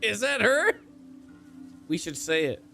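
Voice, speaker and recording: A young man streaming a game, reacting loudly, swearing and laughing as he plays. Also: sits high, very animated, takes it slowly, gravelly, music in the background. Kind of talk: casual game commentary.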